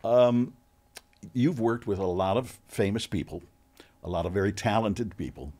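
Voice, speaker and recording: Man, podcast host, lowish voice, gentle, hesitant questions, fillers. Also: normal speed. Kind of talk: interview questions.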